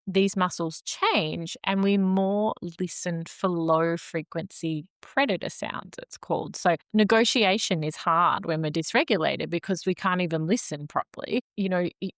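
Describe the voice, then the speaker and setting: A woman guest on a podcast, explaining the nervous system in a calm, measured, teacherly way with frequent "like" and "um". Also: fairly low pitch, dry recording, studio quality.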